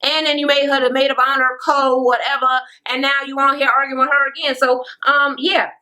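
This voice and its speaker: A woman's voice: high-pitched, little pitch movement, brisk, sharp tone, poor audio. A woman vlogger ranting through a reality TV recap, blunt, sassy and full of profanity, with sarcastic asides to the viewer.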